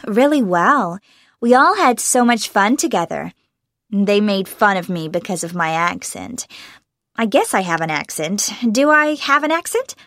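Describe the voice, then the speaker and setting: A woman's voice: medium pitch, animated, measured pace, a bit bright, no echo, studio quality. A young American woman from Los Angeles, an actress answering interview questions in a bubbly way and laughing often. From Los Angeles, USA.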